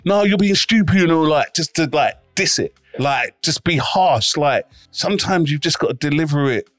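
A man, co-hosting a podcast in relaxed, slangy casual chat. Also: on the high side, normal speed, no echo, clean studio sound, soft background music. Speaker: podcast co-host.

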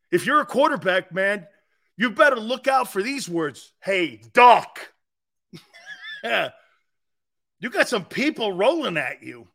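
A man's voice: high voice, pushed and bright. A man hosting a sports talk show, brash and profane, rambling and talking straight to his listeners, edgy from short sleep. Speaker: sports radio host.

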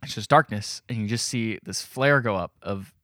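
A man's voice: fairly low pitch, moderate pace, a bit bright, dry recording, studio quality. A man co-hosting a film podcast, recapping the plot in a loose, rambling way with lots of fillers. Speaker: podcast co-host. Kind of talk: casual chat.

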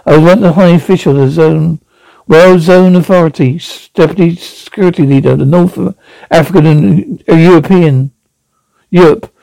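A man voicing a bitter, disgraced former security official, talking in an urgent, halting way with restarts. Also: on the high side, gravelly, mellow, no echo, rough recording. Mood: aggrieved.

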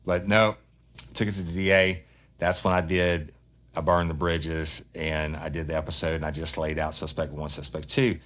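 Very deep-voiced man, heated. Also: little pitch movement, moderate pace, fairly bright tone. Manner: blunt, heated, swears freely. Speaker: true crime podcast host. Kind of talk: casual monologue.

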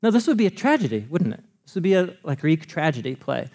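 Male preacher, high-pitched, loose and conversational, animated, laughs a lot. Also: fast talker. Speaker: pastor. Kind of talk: sermon.

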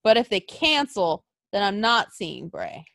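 A young woman co-hosting a podcast, venting and swearing in casual chat, lurching between mumbles and loud outbursts. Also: mid-range voice, very animated, unhurried, vocal fry, no room sound, studio quality. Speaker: podcast co-host.

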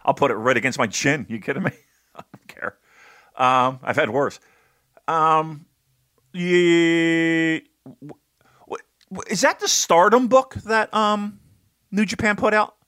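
An American man co-hosting a casual wrestling podcast, joking and teasing loudly. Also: unhurried, pauses often. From United States. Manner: loud, joking and teasing, pitch leaping up and down. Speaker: podcast co-host.

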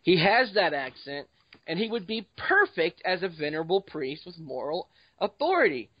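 Guy hosting a podcast, kinda high voice, rambly, muffled dry mic. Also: big pitch swings, moderate pace, slightly rough. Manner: rambling, loose, many fillers. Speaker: podcast host. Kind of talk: casual podcast chat.

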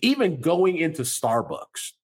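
Lively laughing man on a podcast. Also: a little high, unhurried, breathy edge. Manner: animated, laughs often, acts out quoted people. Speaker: podcast co-host. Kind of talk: casual chat.

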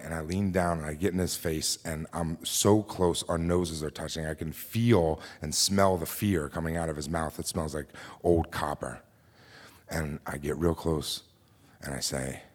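A man's voice: low voice, normal speed, fairly bright tone. A man telling a dramatic personal story on a theater stage, then hosting and introducing the next storyteller. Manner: intense, dramatic, acts out quotes. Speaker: host and storyteller. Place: theater stage before a live audience.

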